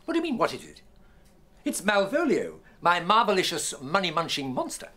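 A man's voice: high-pitched, huge pitch swings, fairly quick, sharp tone, full character voice. An actor playing an eccentric, flustered male inventor in a children's TV show, theatrical and full of exclamations. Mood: proud. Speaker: inventor character in a children's series. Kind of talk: children's TV acting. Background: background music.

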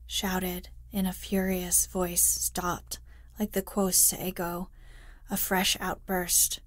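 A woman reading a classic novel aloud as a soothing bedtime story, softly and hushed, sometimes sinking to a whisper, close to the mic. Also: lowish voice, little pitch movement, takes it slowly, no room sound. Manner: soft, hushed, drifting into whispers. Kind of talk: slow, soothing sleep-story narration.

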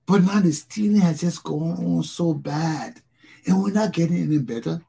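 A Liberian-accented man hosts his own talk show in a passionate solo monologue. His voice is deeply husky and gravelly, with a dark, mellow tone. He drives his points home by repeating phrases. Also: normal speed. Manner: emphatic, repeats phrases for stress.

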